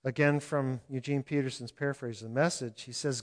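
An older man preaching a sermon in a conversational way, chuckling often and animated as he speaks. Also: mid-range voice, a little fast, hardly any pauses. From California. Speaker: pastor.

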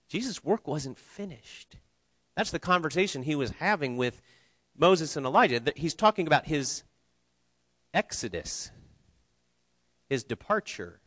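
Earnest man preaching, slightly high voice. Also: animated, a little slow, long pauses, a bit bright, dry recording. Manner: earnest, conversational preaching with restarts and light humor. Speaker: pastor. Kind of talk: sermon. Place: church sanctuary.

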